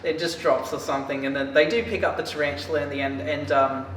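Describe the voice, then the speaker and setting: A man casually recapping a book for a podcast, rambling and animated, with lots of filler words. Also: fairly high pitch, quick pace. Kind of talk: casual chat. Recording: echoey room, distant mic, faint hiss.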